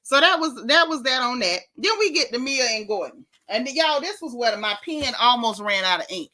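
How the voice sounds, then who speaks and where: Woman, middle-aged, sassy gossip recap, bright tone, fairly high pitch. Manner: animated, sassy, exclaiming, drawn-out emphasis. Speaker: show recap host. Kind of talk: casual reality TV recap.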